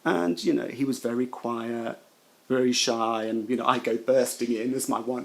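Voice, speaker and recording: A middle-aged man, a former nurse, giving personal testimony in an emotional, halting way, often repeating his words. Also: medium pitch, fairly even intonation, vocal fry, rough recording.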